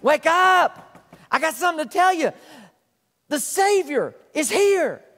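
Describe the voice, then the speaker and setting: Pastor guy doing an excited shepherd man yelling to wake people up, high voice, lots of church echo. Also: a little slow, full character voice. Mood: excited shouting. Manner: shouting, urgent. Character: excited male shepherds shouting the news.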